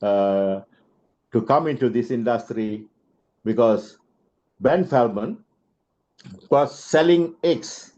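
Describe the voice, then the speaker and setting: A man's voice: medium pitch, slow, pauses often, a little mellow. A man giving a motivational sales lesson, telling stories with asides and frequent rhetorical checks. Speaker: sales trainer. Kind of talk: motivational storytelling lecture. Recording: dull lo-fi recording.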